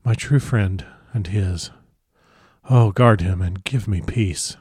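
Man reading as a dying young woman, faint, soft murmur, hushed, dry close sound. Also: deep voice, slow pace, breathy edge, no room sound, full character voice. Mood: pleading. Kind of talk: audiobook character voice.

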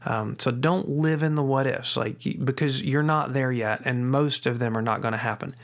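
A middle-aged man hosting a faith-based parenting podcast, speaking earnestly, repeating key phrases slowly for emphasis and often restarting his sentences. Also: medium pitch, creaky. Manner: frequent restarts and doubled words. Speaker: podcast host.

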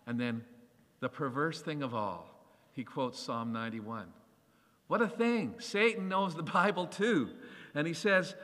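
A man preaching a sermon, animated and acting out the voices of scripture as he reads. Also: a little high, unhurried, in a large hall.

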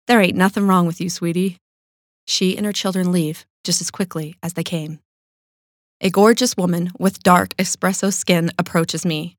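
A woman reading her own personal essay aloud in a calm, measured, sincere way. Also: on the low side, dry recording, clean studio sound.

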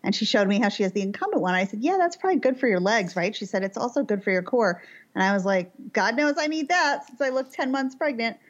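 A woman, a mother, telling a chaotic family story in casual chat, animated and dramatic, acting out the shouting. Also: fairly high pitch, fast, dull audio.

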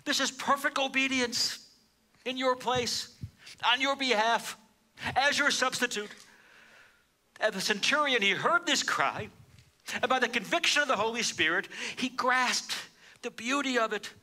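A man preaching a sermon with dramatic emphasis, dropping to a hush and then rising loud, repeating key phrases. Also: very high-pitched, a little slow, pauses often. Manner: dramatic preaching, swinging between hushed and loud. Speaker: pastor.

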